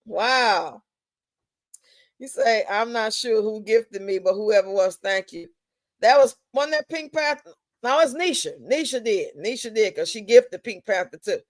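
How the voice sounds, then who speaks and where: A woman's voice: on the high side, expressive, a little slow, no room sound. A woman hosting a live stream, chatting casually in a blunt, profane, drawling way.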